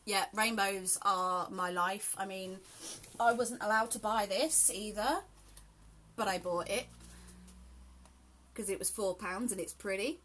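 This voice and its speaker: A British woman talks chattily as she works at her sewing machine at home. She rambles from one story to the next, with many ums and the odd laugh along the way. Her pitch sits in an ordinary middle range. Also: measured pace, pauses often, a bit bright, a little hiss or hum. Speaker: sewing vlogger. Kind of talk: casual chat while sewing.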